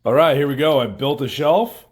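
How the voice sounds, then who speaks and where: Male vlog host, casual and upbeat, thinks aloud to a handheld camera, mid-pitched, recorded indoors. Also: moderate pace, slightly rough. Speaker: vlog host and short-term rental owner. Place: indoors in rental houses, moving around.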